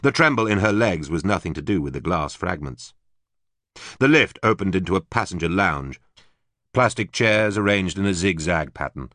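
A man narrating an audiobook in a steady, even storytelling manner. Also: low-pitched, normal speed, no echo, studio quality.

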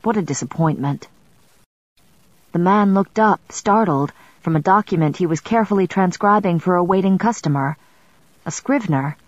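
A woman narrating a novel in the first person, in a wry and measured storytelling manner, in a slightly muffled recording. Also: low-pitched, no room sound. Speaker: audiobook narrator.

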